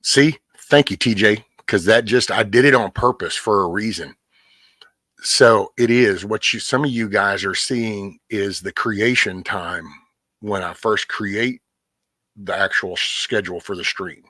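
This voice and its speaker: A middle-aged man hosts his own live stream, rambling along and greeting viewers by name. His voice is husky and sits low, and the sound is close and dry with no room echo. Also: measured pace, bright, forceful tone. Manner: rambling, talks to chat by name. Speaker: livestream host. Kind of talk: casual live-stream chat.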